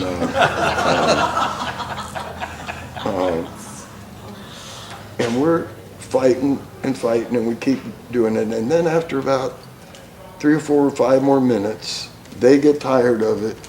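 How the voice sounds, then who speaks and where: A man's voice: medium pitch, darkish tone, a little hiss or hum. An older man telling war stories at a talk, folksy and profane, often breaking into laughter. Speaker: speaker, war veteran. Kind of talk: storytelling talk. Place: theater school hall. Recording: roomy hall with faint ambience.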